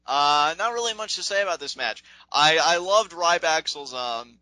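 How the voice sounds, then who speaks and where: A man co-hosting a casual wrestling recap podcast, talking in an animated, rambling way and laughing often. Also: a little high, measured pace, dry recording, poor audio. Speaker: podcast co-host.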